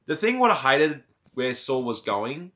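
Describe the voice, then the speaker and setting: A man's voice: mid-range voice, sing-song, unhurried, pushed and bright. A man talking casually about a film, agreeable and full of "like" fillers. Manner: agreeable, filler-heavy, says "like" a lot. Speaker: movie reviewer. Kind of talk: casual chat.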